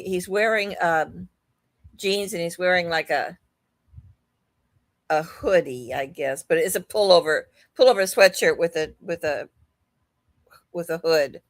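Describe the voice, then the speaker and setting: Slow, gentle-voiced woman medium. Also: lowish voice, dry recording. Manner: slow, hesitant, gentle delivery with pauses. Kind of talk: live psychic reading.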